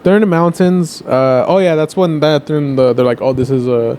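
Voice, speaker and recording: A man's voice: fairly high pitch, fairly quick, mellow. A young man co-hosting a casual movie review podcast, rambling through plot retellings with swearing and laughter. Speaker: podcast co-host. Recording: faint background noise.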